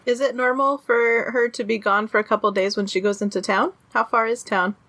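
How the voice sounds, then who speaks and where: Woman tabletop player, playful quick asides, casual. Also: fairly high pitch, fairly even intonation, a bit bright. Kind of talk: tabletop game chat.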